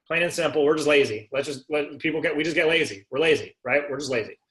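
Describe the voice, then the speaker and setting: Sales coach guy on a group call, kinda high voice, roomy echo, keeps asking right?. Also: fast, a bit bright. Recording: echoey room.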